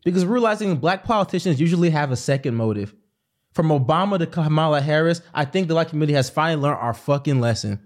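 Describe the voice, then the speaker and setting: A man's voice: fairly high pitch, fast. A young man co-hosting a livestream, talking casually and emphatically, repeating his points. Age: young adult. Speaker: stream co-host.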